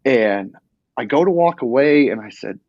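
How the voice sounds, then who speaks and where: A man's voice: medium pitch, normal speed, dry recording. Rambling male hunter telling a story. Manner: animated, rambling retelling with many restarts. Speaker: hunting guest telling a story. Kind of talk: casual storytelling. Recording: dull lo-fi sound.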